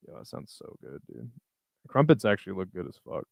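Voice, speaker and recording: A man's voice: lowish voice, big pitch swings, a little fast, gravelly, no room sound, studio quality. A man hosting a casual live chat, reading and reacting to viewer messages in a loose, laid-back way with plenty of swearing. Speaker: livestream host reading chat.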